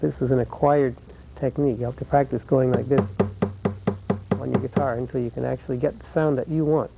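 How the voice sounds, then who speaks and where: A man's voice: mid-range voice, fairly even intonation, gravelly, noisy background. Patient man teaching flamenco guitar. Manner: patient, counts beats aloud slowly. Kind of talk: instructional lesson.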